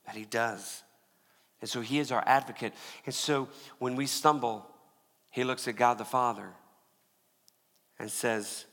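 A man preaching a casual sermon, talking loosely with restarts and dropping to a hush at times. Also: mid-range voice, a little slow, in a large hall. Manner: conversational preaching with many restarts, drops to a hush. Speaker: pastor.

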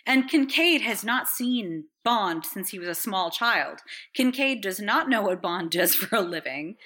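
A woman's voice: mid-range voice, lively intonation, a little slow, pushed and bright. A woman chatting casually as a podcast co-host, rambling with enthusiasm, swearing freely and laughing often. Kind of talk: casual chat.

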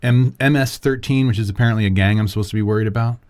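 A man co-hosting a podcast, reflecting on politics with frequent pauses and restarts. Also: fairly low pitch, steady tone, a little mellow. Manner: reflective, lots of fillers and restarts. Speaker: podcast co-host. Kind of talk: casual political chat.

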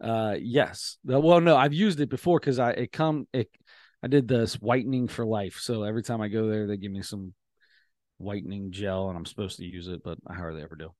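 A man's voice: fairly low pitch, brisk, a little mellow, dry recording, studio quality. A man co-hosting a podcast, telling rambling stories in casual chat and laughing as he goes. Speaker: podcast co-host.

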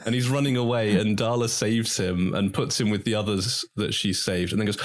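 A man's voice: lowish voice, moderate pace, hardly any pauses. A man co-hosting a film podcast, retelling scenes in casual chat and acting out the characters' lines with bursts of laughter. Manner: animated storyteller, acts out scenes with bursts of laughter. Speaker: podcast co-host.

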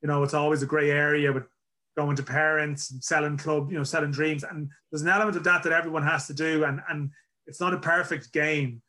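A man hosts a podcast in a slightly high, bright voice. He rambles through his points in casual chat. He pokes fun at himself. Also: flat delivery, a little fast. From Ireland. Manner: self-deprecating, rambling. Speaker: podcast host.

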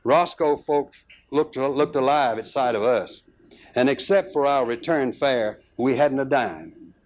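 Slow, unhurried male storyteller. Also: mid-range voice, highs cut off, a little hiss or hum. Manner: slow, unhurried reading with small restarts and fillers. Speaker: narrator. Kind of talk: storytelling reading of a rural tale.

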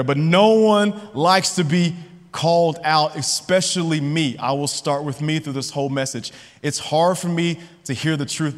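A man in his thirties preaching a sermon, chatty and personal, often checking in with the crowd by asking "right?". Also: fairly high pitch. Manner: conversational, often asks the audience "right?". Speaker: pastor. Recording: long hall reverb.

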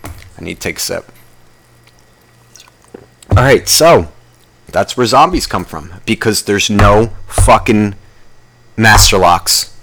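A man's voice: lowish voice, slow pace, vocal fry, pauses often, a bit bright, a little hiss or hum. A man hosting a podcast, telling a rambling comedic rant full of swearing and questions to himself. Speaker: podcast host.

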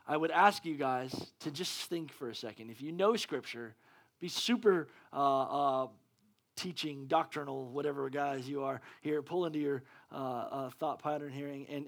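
A male preacher giving a sermon, excitable and often stumbling over restarts. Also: medium pitch, normal speed.

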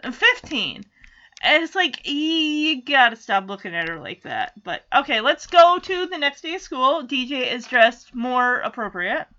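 High bright chatty woman, slow-paced. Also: sing-song, muffled recording. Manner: chatty, giggly, acts out character lines. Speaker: TV show recapper. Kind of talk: casual recap chat.

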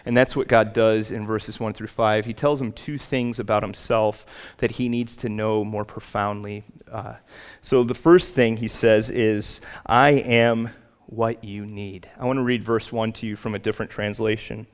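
A male pastor preaching a sermon, slowing down and rising for emphatic lists. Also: steady tone, clear, resonant tone. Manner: rises in pitch and slows for emphatic lists.

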